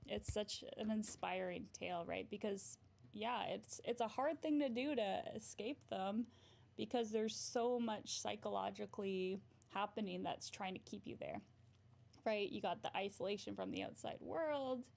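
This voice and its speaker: A woman's voice: medium pitch, normal speed, vocal fry, a little mellow. A young adult woman, a therapist, giving casual advice on a livestream, often ending points with "right?" and laughing. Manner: frequent "right?" tag questions, laughs often.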